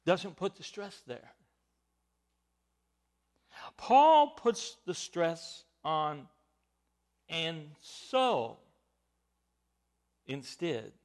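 A man preaching a Bible teaching sermon, emphatic and stressing key words. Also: a little high.

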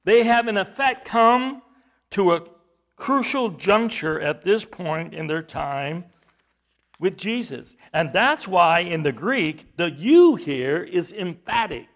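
Guy preaching a sermon, high voice that leaps all over, slow deliberate pace, punchy rhetorical questions. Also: expressive. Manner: emphatic, rhetorical questions, swings between loud and hushed.

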